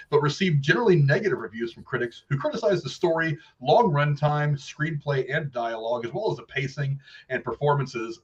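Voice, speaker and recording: Laid-back male podcast host, lo-fi sound. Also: mid-range voice. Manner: laid-back, chuckling, many fillers. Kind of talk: casual chat and read-out intro. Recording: dull lo-fi audio.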